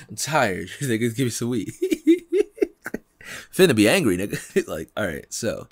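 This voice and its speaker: A young man hosting a podcast in casual chat, animated and laughing, acting out quotes in slangy talk. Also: lowish voice, brisk. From Pennsylvania, United States. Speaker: podcast host.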